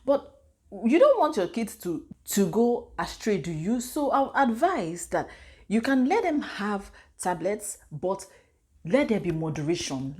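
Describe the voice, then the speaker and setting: Chatty Nigerian mother vlogging. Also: mid-range voice. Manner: chatty, animated storytelling with pidgin and Igbo asides. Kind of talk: casual advice vlog.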